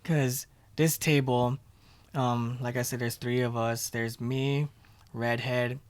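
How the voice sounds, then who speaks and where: A man's voice: mid-range voice, steady tone, slow, clean tone. A man co-hosting a podcast, telling a long restaurant story in casual chat and acting out the quoted dialogue. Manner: rambling storyteller, retells scenes with quoted dialogue. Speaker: podcast co-host.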